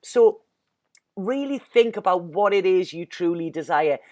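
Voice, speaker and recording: A woman's voice: fairly low pitch, lively intonation, measured pace, a little mellow. A woman with an English accent giving an earnest, emotional tarot reading in casual speech, constantly saying "you know" and sounding close to tears. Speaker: tarot reader.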